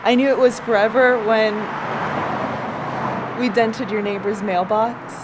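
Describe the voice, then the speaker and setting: A woman's voice: fairly high pitch, fairly even intonation, unhurried, natural voice. An acting student performing a heartfelt monologue as a young woman fondly recalling her childhood best friend. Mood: wistful. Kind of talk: rehearsed dramatic monologue. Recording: noisy background hum.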